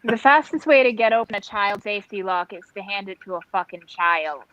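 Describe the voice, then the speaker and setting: A woman's voice: medium pitch, a little fast, a crowd in the background, poor audio. A woman in casual chat, telling stories and swearing freely.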